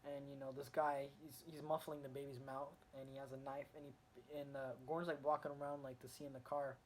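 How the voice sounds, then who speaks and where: A man casually reviewing a comic book, excitedly retelling the story in a rambling way full of fillers and restarts. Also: medium pitch, fairly quick, slight background noise, low-quality recording.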